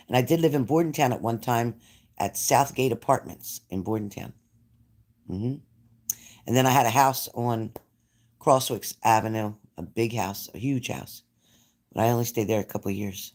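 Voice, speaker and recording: A man's voice: medium pitch, moderate pace, darkish tone. Chatty New man on a livestream. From New Jersey. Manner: chatty, reads out and answers viewer comments. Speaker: livestream host. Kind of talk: casual livestream chat with viewers.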